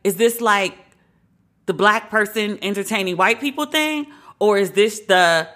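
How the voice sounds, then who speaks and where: A woman's voice: mid-range voice, measured pace, fairly bright tone. A woman hosting a podcast, giving her frank opinions in a casual, conversational way. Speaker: podcast host.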